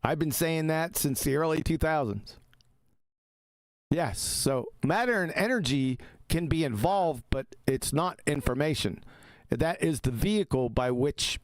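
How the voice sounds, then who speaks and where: A man hosting a live reaction stream, his voice set a little high and swinging widely in pitch as he mocks and jabs. The sound is dry and close, with no room around it. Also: dry recording. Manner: mocking, combative, profane.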